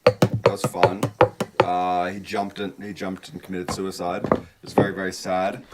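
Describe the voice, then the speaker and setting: A man co-hosting a casual podcast, speaking haltingly and flatly about grim events. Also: sits low, over loud music. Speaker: podcast co-host. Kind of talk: casual chat.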